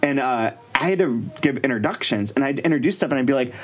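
Guy hosting a podcast, kinda husky voice, rambly and self-mocking, swears a lot. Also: medium pitch, animated, fast talker. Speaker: podcast host. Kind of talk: casual chat.

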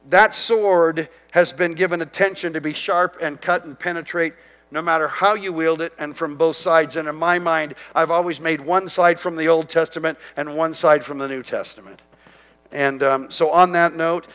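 A man's voice: on the high side, fairly bright tone, in a large hall. A man preaching a sermon, quoting and declaring scripture with emphatic conviction. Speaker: pastor.

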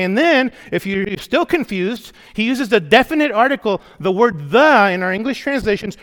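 A man's voice: high-pitched, a bit bright. A man preaching a sermon as pastor, emphatic and repetitive, putting questions to the congregation. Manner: emphatic preaching, repeating key phrases, asking the congregation questions. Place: church. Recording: long hall reverb.

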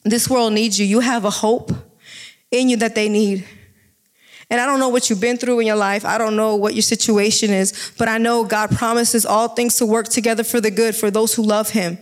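A woman giving an informal sermon with a personal testimony, talking in an excitable, emphatic, chatty way. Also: a little high, normal speed. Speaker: devotional speaker.

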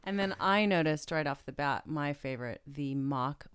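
A woman's voice: low-pitched, normal speed, clear, resonant tone. A woman co-hosting a podcast, chatting casually with a giggly, teasing manner. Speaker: podcast co-host. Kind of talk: casual chat.

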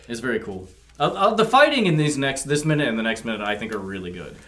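A man co-hosting a casual podcast who jokes around and talks in quick bursts. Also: medium pitch, very animated, a bit bright. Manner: joking, quick bursts of talk. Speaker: podcast co-host.

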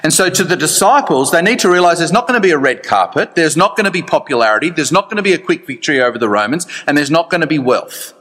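Pastor preaching in a reverberant church. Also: male voice, fairly high pitch, fast talker, hardly any pauses. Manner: conversational, animated preaching with dry asides. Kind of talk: sermon.

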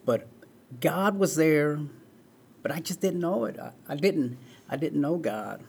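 A man's voice: on the high side, lively intonation, a little slow, vocal fry, darkish tone, husky. A man in his forties, a guest in an interview, telling his life story in an earnest way and often saying "man" and "right". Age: 40s.

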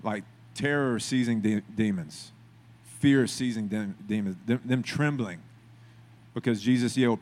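A man's voice: medium pitch, unhurried, a little mellow. Man preaching a conversational sermon. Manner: conversational preaching, building to emphatic repetition. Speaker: pastor.

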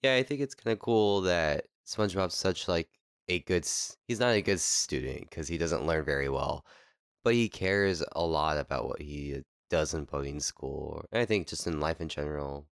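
A man's voice: very deep voice, moderate pace, vocal fry, clean tone, no echo, studio quality. A man co-hosting a podcast, chatting in an easygoing, agreeable way. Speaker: podcast co-host. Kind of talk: casual chat.

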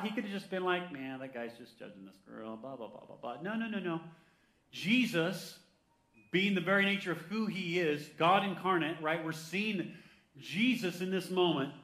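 Animated preacher man in an echoey room. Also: sits high. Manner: animated preaching, reads scripture slowly, asks the congregation for responses. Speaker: pastor. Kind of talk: sermon.

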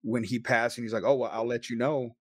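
A man's voice: mid-range voice, steady tone, dry recording, clean studio sound. A man telling a personal story in a casual, emotional and profane way, sometimes choked up. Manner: emotional, profane, quick bursts.

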